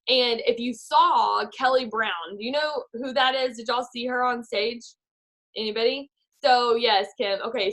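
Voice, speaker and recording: Chatty young woman, lots of "like". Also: on the high side. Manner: chatty, fast, lots of "like", animated retelling. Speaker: team leader in direct sales. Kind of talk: motivational talk on a video call. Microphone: video call.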